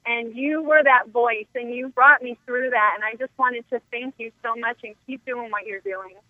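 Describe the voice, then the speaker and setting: A woman calling in to a radio show by telephone, speaking gratefully and softly with many ums. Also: a little high, steady tone, moderate pace, dry recording. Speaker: caller. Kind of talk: phone-in call to a radio show. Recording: tinny phone line.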